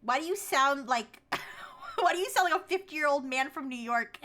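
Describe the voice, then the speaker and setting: Brash woman streamer, high-pitched, needles her guests loudly. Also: lively intonation, moderate pace. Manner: brash, teasing, loud outbursts. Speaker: VTuber streamer. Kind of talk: livestream chat with AI voices.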